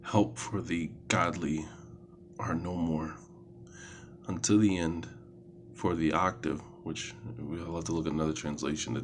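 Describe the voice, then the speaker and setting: A man reading scripture aloud in a halting way, correcting himself as he goes and adding casual comments. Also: extremely low pitch, a little hiss or hum. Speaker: Bible reader.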